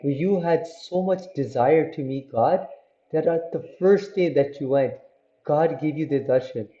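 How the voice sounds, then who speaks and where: A man's voice: a little high, unhurried, dark tone, highs cut off, natural voice. A man voicing a humble father amazed by his son's devotion, in a roomy recording.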